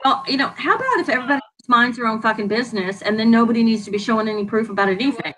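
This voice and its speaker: A woman's voice: on the high side, animated, rapid-fire, a bit bright, low-quality recording. A woman chatting on a late-night livestream, exasperated and sarcastic, swearing as she speaks. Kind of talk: late-night casual chat.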